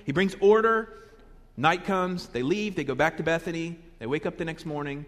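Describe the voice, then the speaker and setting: A pastor with a slightly high voice preaches a sermon at a moderate pace, lively and conversational with humorous asides. The recording has a long hall reverb.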